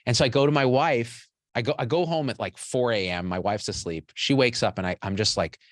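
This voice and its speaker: A man's voice: mid-range voice, brisk, no room sound, studio quality. A man in his forties, a physician and show host, telling a personal story to an audience in a candid, rambling and profane way. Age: 40s.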